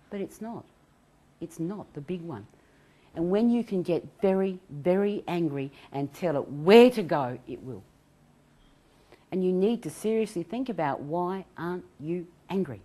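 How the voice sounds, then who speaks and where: A middle-aged woman giving an animated self-help talk on anxiety recovery. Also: medium pitch, normal speed. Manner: animated, acts out quoted voices, laughs often.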